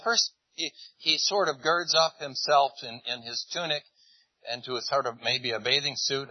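A man preaching a relaxed storytelling sermon, chatty and unhurried. His voice carries a slight husk. The recording is close and dry, with a dull, lo-fi tone. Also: on the high side, husky, dry recording. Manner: conversational storytelling, retelling scenes in lively voices. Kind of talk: sermon, retelling a Bible story.

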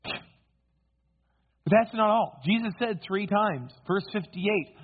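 Husky-voiced preacher on a tinny line. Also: male voice, high-pitched, slow, long pauses. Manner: dramatic, rhetorical questions to listeners. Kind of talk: sermon. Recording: tinny phone-like sound.

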